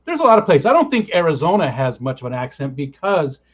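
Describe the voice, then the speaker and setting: A man's voice: a little high, very animated, fast talker, breathy edge. A man hosting a livestream in easygoing, casual chat, laughing often and thinking aloud. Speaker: livestream host. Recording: slightly muffled lo-fi audio.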